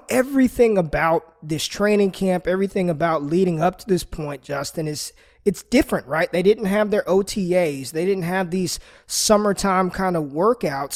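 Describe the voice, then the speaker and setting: Excited male guest with stumbling restarts. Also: high voice. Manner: enthusiastic, hesitant with restarts. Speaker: podcast guest analyst. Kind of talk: casual chat.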